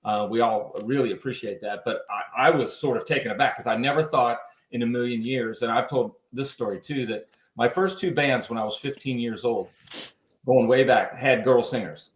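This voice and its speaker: A man, a musician and guest on a radio show, telling stories about his band in an animated way. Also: mid-range voice, moderate pace, roomy sound, rough recording. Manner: animated storyteller, lively quoted voices. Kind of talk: storytelling in interview.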